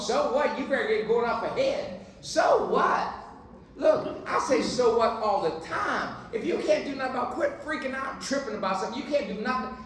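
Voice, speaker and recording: A high-voiced man gives a keynote speech at a dinner. He is punchy and preachy, and he jokes with the crowd as he goads them on. His voice rings through a very echoey banquet hall, picked up by a distant mic with faint noise underneath. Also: fairly bright tone. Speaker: keynote speaker.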